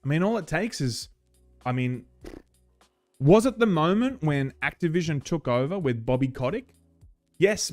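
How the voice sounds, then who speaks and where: Brief: Australian male streamer, rambly and animated, swings all over in pitch. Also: no room sound. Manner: rambling, restarts, animated outbursts. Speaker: livestream host. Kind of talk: casual live chat reading viewer comments.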